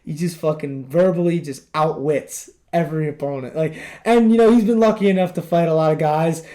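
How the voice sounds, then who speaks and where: A man's voice: on the high side, brisk, dark tone. A man co-hosting a podcast, rambling casually and laughing often as he retells stories. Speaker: podcast co-host. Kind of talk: casual chat.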